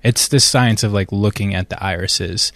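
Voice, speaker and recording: A man on a podcast, explaining ideas thoughtfully and speculatively, with hesitant pauses. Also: lowish voice, a bit bright, no echo. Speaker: podcast guest. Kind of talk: casual conversation.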